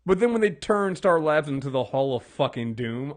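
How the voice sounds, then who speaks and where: A man co-hosting a casual TV recap podcast, rambling and animated, swearing freely and acting out characters' lines. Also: a little high, moderate pace, hardly any pauses. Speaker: podcast co-host.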